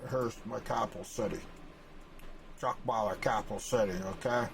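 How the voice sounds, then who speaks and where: A man's voice: lowish voice, steady tone, moderate pace, creaky, low-quality recording. A male streamer rambles through a boastful, profane, mock-serious comic rant while drawing a map.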